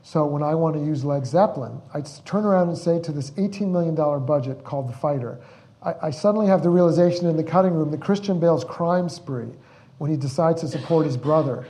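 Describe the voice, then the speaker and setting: Brief: male director at a Q&A, slightly high, mellow voice, rambles through his stories and acts out the quotes. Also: quick pace. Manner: rambling, repeats words, acts out the quotes he tells. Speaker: film director speaking at a Q&A. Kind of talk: anecdotal storytelling at a Q&A.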